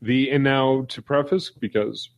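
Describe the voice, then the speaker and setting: A man co-hosting a casual podcast chat, telling stories in an animated way. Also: medium pitch, a little slow, vocal fry, dry recording, highs cut off. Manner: animated storyteller. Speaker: podcast co-host.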